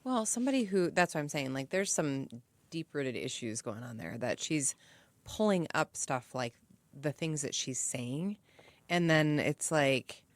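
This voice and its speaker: Very low-voiced woman podcast co-host. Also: expressive, measured pace, no room sound. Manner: emphatic, opinionated storytelling. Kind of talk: casual true-crime podcast chat.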